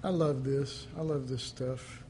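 A man preaching an informal sermon, chatting and joking between readings and rising to animated emphasis. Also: medium pitch, unhurried, big-room sound, slight background noise.

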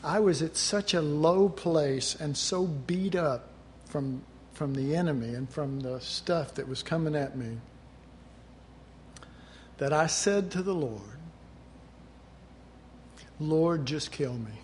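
Middle-aged male preacher, slightly high voice, chatty sermon delivery, faint room hum. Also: slow pace, darkish tone. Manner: conversational preaching, acting out quoted voices.

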